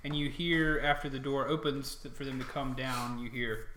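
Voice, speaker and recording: Game master, male, halting narration, echoey room. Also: medium pitch, steady tone, heavy background noise. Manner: hesitant, lots of fillers.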